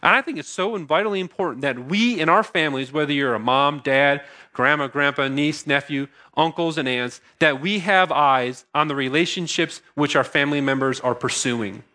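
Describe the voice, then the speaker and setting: A middle-aged pastor preaching to his congregation in a bright, forceful voice pitched a little high for a man. He talks earnestly, slipping into casual asides and restarting his sentences as he goes. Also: moderate pace, few pauses. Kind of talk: sermon.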